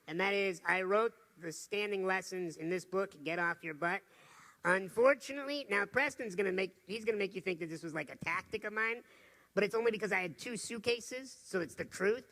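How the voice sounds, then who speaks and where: A man giving an energetic, humorous motivational talk from a stage to a live audience. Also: sits high, brisk. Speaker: motivational speaker.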